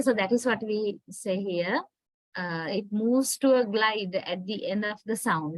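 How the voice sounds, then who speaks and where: Slow-speaking Sri Lankan woman lecturer. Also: mid-range voice, no echo, rough recording. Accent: Sri Lankan English. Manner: explanatory, frequent tag questions and fillers. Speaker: university lecturer. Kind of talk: online phonetics lecture.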